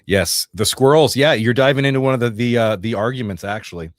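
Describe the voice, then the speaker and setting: A man's voice: medium pitch, a little fast, dry recording, clean studio sound. A middle-aged man hosting a casual livestream, rambling and joking while reading from notes and viewer comments. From Northeast Georgia, US. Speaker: livestream co-host.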